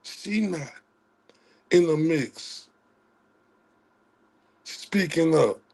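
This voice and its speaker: A man's voice: on the high side, lively intonation, drawn-out words, husky. Heated, profane man ranting on stream. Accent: Southern US. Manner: profane, heated, swings between loud outrage and quiet apology. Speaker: livestream host. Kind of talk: heated livestream rant.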